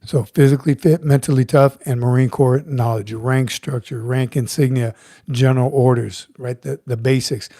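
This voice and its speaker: Recorded in studio quality with no room sound, this middle-aged man speaks in a steady, dark, mid-range voice at a moderate pace. A retired Marine sergeant major, he hosts a casual livestream, reading comments, chuckling, and greeting viewers by name.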